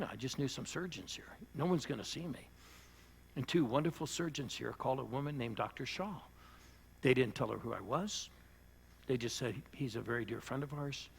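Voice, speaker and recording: An older man, a pastor, preaching to a church audience and telling a personal story, rising to loud bursts and dropping to hushed lines. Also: medium pitch, gravelly, breathy edge. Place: church service before a live audience.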